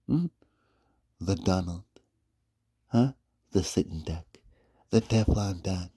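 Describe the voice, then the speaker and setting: A man's voice: lowish voice, a little slow, pauses often, warm tone. A man giving mocking casual commentary on a livestream, tagging his points with "huh?". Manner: mocking, with frequent "huh?" tags. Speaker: online commentator.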